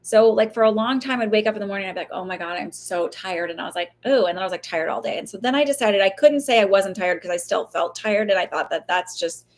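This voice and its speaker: Talking fast with few pauses, this medium-pitched woman is a psychic medium offering laid-back advice during a live stream. She rambles and chats, curses freely, laughs readily, and slips into little character voices.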